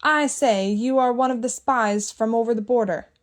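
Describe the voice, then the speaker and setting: A woman putting on a shrill, suspicious old village woman. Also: steady tone, measured pace, lightly acted. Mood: accusing. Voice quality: loud, shrill, jarring. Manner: curt and accusing.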